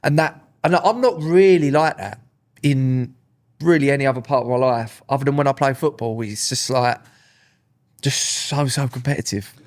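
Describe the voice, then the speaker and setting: A man's voice: mid-range voice, moderate pace. A man, chatting casually on a podcast and acting out what others said in his stories. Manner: animated storyteller, acts out quoted voices. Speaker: podcast co-host. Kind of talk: casual chat.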